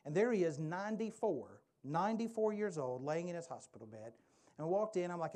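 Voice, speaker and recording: A man preaching, telling a personal story in a conversational, animated way that softens into hushed prayer. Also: fairly high pitch, a little fast. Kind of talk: sermon storytelling.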